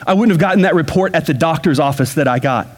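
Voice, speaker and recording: Middle-aged guy preaching, kinda high voice, repeats himself, lots of reverb like a big church. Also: fast. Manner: conversational, repeats words, folksy asides. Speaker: pastor. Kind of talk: sermon. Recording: long hall reverb.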